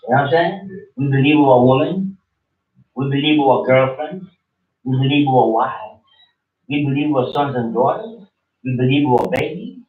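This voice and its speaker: A man's voice: mid-range voice, moderate pace, long pauses. Preaching man, heard through tinny echo. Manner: animated preaching, swinging between loud and soft, slangy. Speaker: religious teacher. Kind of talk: informal sermon. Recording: tinny, echoey room, from far off.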